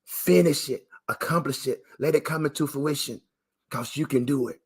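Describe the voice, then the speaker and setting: Male motivational speaker, higher register, emphatic folksy delivery with preacher-style repetition. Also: moderate pace, breathy edge. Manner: often addresses listeners directly, folksy. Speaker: motivational speaker for dialysis patients. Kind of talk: motivational talk. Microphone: live stream to viewers.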